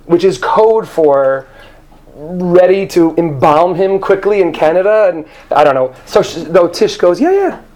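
Male storyteller, high voice, rambling self-deprecating stage anecdote, handheld mic. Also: a little slow, a little mellow. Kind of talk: live comic storytelling. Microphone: handheld microphone.

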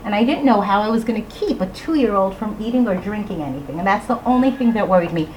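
A middle-aged woman telling a personal story to an audience in an animated way, acting out voices and rhyme lines. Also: mid-range voice, quick pace, slight background noise, poor audio. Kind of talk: storytelling talk.

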